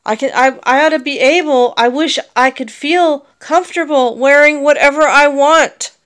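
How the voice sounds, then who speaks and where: A woman's voice: high voice, normal speed, fairly bright tone. An American woman talking in a personal vlog monologue, emotional and rambling, with many restarts. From United States.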